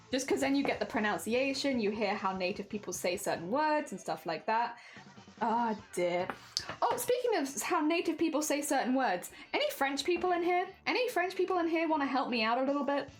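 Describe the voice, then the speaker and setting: Giggly high-voiced woman streamer. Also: big pitch swings, fairly quick, soft background music. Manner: chatty, giggly, reads and answers chat. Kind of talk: casual live-stream chat.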